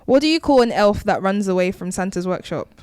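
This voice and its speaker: A woman's voice: medium pitch, lively intonation, fairly quick, darkish tone, no echo. A woman co-hosting a podcast, from Nigeria and Britain, talking in an emphatic casual way with a lot of "like", her accent sliding toward Nigerian when she gets passionate. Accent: British with Nigerian lilt when passionate. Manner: emphatic, fillers of "like". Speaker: podcast co-host. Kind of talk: casual chat.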